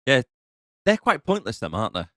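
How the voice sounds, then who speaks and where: A man on a podcast with a mid-range pitch that jumps around a lot. His voice is bright and sharp, recorded dry and close. He chats playfully and laughs often. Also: wildly swooping pitch, a little fast, no room sound. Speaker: podcast co-host. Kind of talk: casual movie review banter.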